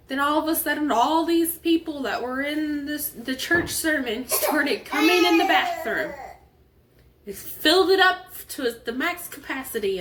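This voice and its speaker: A woman hosting her own show and telling a personal story with a sore throat, animated, laughing often and acting out the voices of the people she quotes. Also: high voice. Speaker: host.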